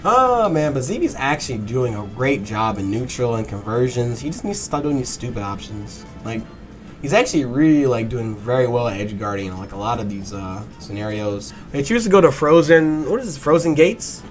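A man giving a fast, excited play-by-play breakdown of a fighting game match, swearing and breaking into excited bursts. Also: medium pitch, faint music behind. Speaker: match analyst.

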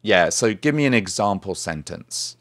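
A man's voice: low-pitched, animated, normal speed, a bit bright, no room sound, studio quality. A man hosting a language podcast, chatting and explaining phrases step by step. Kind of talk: conversational language lesson.

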